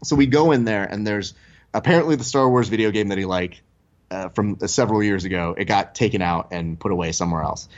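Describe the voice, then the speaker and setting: A man's voice: fairly low pitch, fast, highs cut off. A young adult man telling a story in casual chat, acting out the voices of the people in it. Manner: animated, acts out quoted voices. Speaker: podcast host telling a story.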